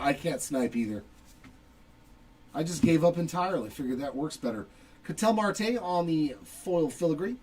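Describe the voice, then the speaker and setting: A middle-aged man hosts a live card break, joking and chatting as he calls out each card he pulls. His medium-pitched, darkish voice moves at a moderate pace with frequent pauses. He's somewhat off-mic and far away, with faint background noise and poor audio quality overall.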